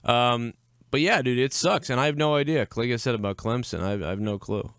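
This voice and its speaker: A young man with a smooth, mid-range voice, a little fast, is recorded at studio quality with no echo. Co-hosting a live podcast show, he tells a long, profane, rambling story casually, getting animated when quoting others.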